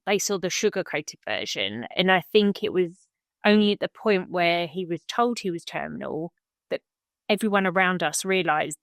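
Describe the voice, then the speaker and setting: A woman's voice: fairly low pitch, a bit bright, no room sound, clean studio sound. A woman speaking as a podcast guest in a frank, blunt, matter-of-fact way. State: widowed, remarried. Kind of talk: frank conversational podcast talk.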